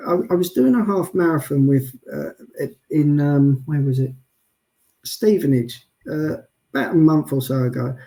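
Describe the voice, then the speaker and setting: A man telling stories as an interview guest, chatty and deadpan, often adding "I'll be honest with you.". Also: on the high side, moderate pace, gravelly. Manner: self-described sarcastic and deadpan, frequent "I'll be honest with you"; chatty storyteller with many restarts. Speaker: guest, wheelchair athlete. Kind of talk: casual interview chat.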